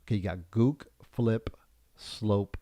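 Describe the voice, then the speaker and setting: A man's voice: fairly low pitch, slow pace, mellow, no echo. A man hosting a livestream talk show in a rambling, profane monologue, laughing often as he goes. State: high.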